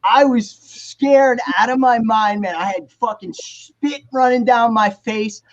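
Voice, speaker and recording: A man, telling animated, profane stories as a guest on a video call. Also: very high voice, slow pace, highs cut off. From New Jersey. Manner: animated, profane storyteller, acts out quotes. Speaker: guest musician. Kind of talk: casual storytelling on a video call panel.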